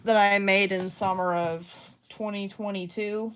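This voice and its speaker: A woman's voice: mid-range voice, fairly even intonation, a little slow, a bit bright, a little hiss or hum. A woman vlogging casually at home about her craft projects, rambling and hesitant with many restarts. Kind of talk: casual talk to camera.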